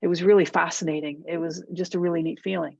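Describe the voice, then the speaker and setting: Middle-aged woman, low voice, chatty meditation teacher, dull dry video-call audio. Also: fairly even intonation, fast, gravelly, husky, no echo. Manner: warm conversational teaching, frequent "right?" and "okay?". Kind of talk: guided workshop talk on a video call.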